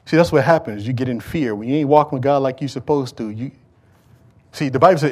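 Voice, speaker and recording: A pastor preaching a sermon to his congregation. He talks in a casual, colloquial way, then builds into loud, emphatic call-outs. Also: medium pitch, brisk, slightly rough. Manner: colloquial, conversational asides to the congregation.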